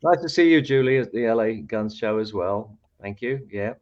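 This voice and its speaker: A man co-hosting a podcast, reading out listener comments in a halting way with many fillers. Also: lowish voice, expressive, a little mellow, highs cut off. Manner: halting, reads names out with fillers. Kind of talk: casual chat.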